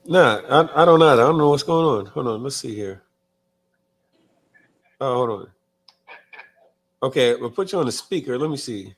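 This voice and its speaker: A man's voice: medium pitch, expressive, moderate pace, long pauses, breathy edge. A man co-hosting a live online biker talk show, chatting loosely, reading viewer comments aloud and cursing casually. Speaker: podcast co-host. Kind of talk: casual live-stream chat.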